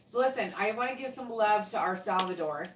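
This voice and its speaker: A woman's voice: medium pitch, animated, brisk, slight background noise. A woman co-hosting a livestream in casual chat, reading viewer comments aloud and laughing often. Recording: roomy, distant from mic.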